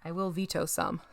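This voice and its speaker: A woman's voice: fairly low pitch, no room sound. Chatty woman streaming her painting. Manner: chatty, laughs often, talks to chat while working. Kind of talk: casual live-stream chat while painting.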